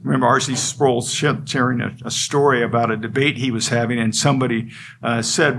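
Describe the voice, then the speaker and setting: A man delivers an expository sermon with a slightly husky, breathy voice at a middle pitch. He preaches earnestly, hammering his points with repeated phrases and the occasional restart. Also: steady tone, a little fast, fairly bright tone. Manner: earnest, repetitive emphasis, frequent restarts. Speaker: pastor.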